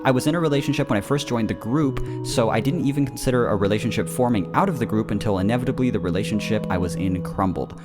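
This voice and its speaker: A man's voice: lowish voice, fast talker, hardly any pauses, over music. A man co-hosting a podcast, reading a listener's email aloud, stumbling, laughing and swearing freely as he goes. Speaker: podcast co-host.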